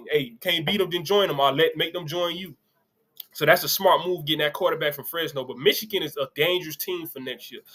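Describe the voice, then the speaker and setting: A man's voice: fairly high pitch, pushed and bright. A man hosting a casual sports live stream, talking loosely through college football results and reading viewer comments with offhand asides. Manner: loose, conversational, reads comments aloud with asides. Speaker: sports show host.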